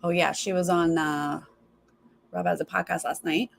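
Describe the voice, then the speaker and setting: A woman's voice: fairly low pitch, steady tone, moderate pace, vocal fry. A woman hosting a live stream, chatting casually with viewers and mimicking other people's voices in her stories. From Los Angeles. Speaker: live stream host reacting to a TV show.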